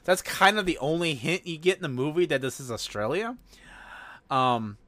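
A man's voice: on the high side, lively intonation, moderate pace, fairly bright tone, no echo. A man hosting a podcast, chatting casually about a movie, rambling with lots of fillers and laughs. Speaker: podcast host. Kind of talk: casual movie-review chat.

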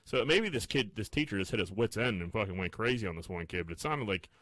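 Casting: low male voice, rapid, profane podcast banter, dry close mic. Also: no echo. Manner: profane, animated storytelling. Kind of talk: casual chat.

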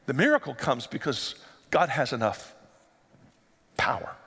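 A male pastor giving an animated sermon in a church sanctuary and asking the congregation rhetorical questions. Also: mid-range voice, unhurried, creaky, slightly rough. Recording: long hall reverb.

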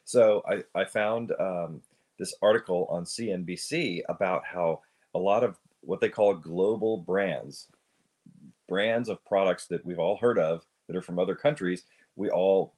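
A man's voice: low voice, a little slow, a little mellow. A man co-hosting an audio-only podcast, reading from an article in a playful, teasing way. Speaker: podcast co-host. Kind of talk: casual podcast chat.

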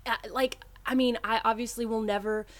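A woman's voice: on the high side, steady tone, fairly quick. A woman hosting a casual chat, enthusiastically retelling a comic plot.

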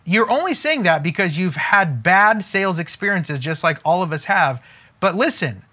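A man giving an emphatic, preacher-like motivational talk as a business coach, slowing down to stress key phrases. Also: high-pitched, bright, forceful tone.

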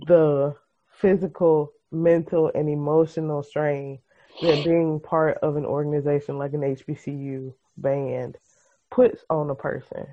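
A woman's voice: sits low, measured pace. Chatty woman co-hosting over a muffled call. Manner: laughing, expressive, storytelling. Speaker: podcast co-host. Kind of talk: casual chat. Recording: muffled video-call audio.

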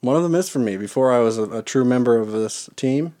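A woman co-hosting a podcast in casual chat, relaxed and quick to laugh. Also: rumbling low. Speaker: podcast co-host.

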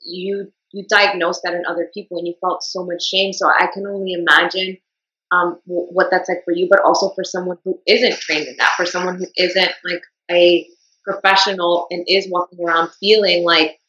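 A woman's voice: fairly low pitch, fairly even intonation, normal speed, bright, forceful tone, echoey room, highs cut off. A woman hosting a conversation, reflecting the guest's words back to her. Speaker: host. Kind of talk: empathetic interview conversation.

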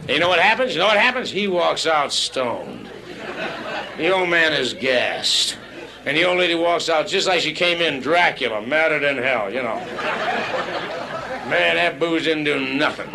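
A man's voice: a little high, lively intonation, normal speed, sharp tone, poor audio. A man doing a crude stand-up routine in a nightclub, rambling brashly and bantering with the crowd. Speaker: stand-up comedian. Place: nightclub before a live audience. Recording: live club recording with audience. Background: audience laughter.

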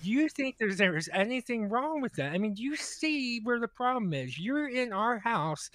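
A man's voice: extremely high pitch, sing-song, moderate pace, a bit bright, no echo. A man co-hosting a comedy podcast, telling a long, profane story in a rambling way. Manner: rambling, profane, repeats words. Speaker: podcast co-host.

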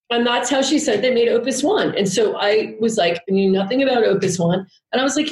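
A woman's voice: medium pitch, expressive, a little fast, roomy sound, low-quality recording. A woman guest telling a long personal story in a candid, rambling way, swearing freely. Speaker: podcast guest. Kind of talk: casual storytelling chat.

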